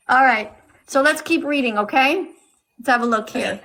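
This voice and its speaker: A woman's voice: high-pitched, normal speed, pushed and bright. A woman hosting a live stream, talking straight to her viewers and scolding them now and then. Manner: scolding, talks to viewers directly. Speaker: livestream host.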